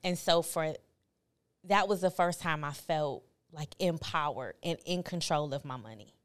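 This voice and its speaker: A woman in her forties co-hosting a podcast, telling stories in a candid, animated, colloquial way. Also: deep voice, measured pace, clean tone. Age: 40s. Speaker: podcast co-host. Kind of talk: casual chat.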